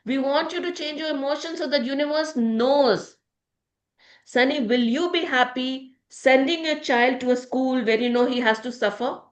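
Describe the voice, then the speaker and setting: A woman's voice: high-pitched, moderate pace, roomy sound. A woman leading a motivational group session, emotional and speaking to members by name. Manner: emotional, addresses listeners by name. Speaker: positivity group leader.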